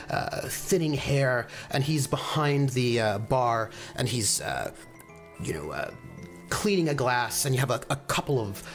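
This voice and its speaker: A man narrating as game master in a tabletop role-playing game, descriptive and loose with many fillers. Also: medium pitch.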